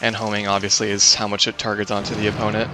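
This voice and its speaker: A man's voice: on the low side, monotone, quick pace, over music. A man giving casual live commentary on his own speedrun, explaining game mechanics with many fillers and restarts.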